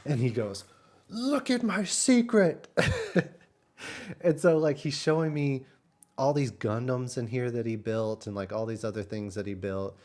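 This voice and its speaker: A man's voice: mid-range voice, moderate pace. A young man from Texas, a streamer casually telling a story and acting out the people in it with big voice jumps. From Texas, USA. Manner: animated, acts out quotes with big voice jumps.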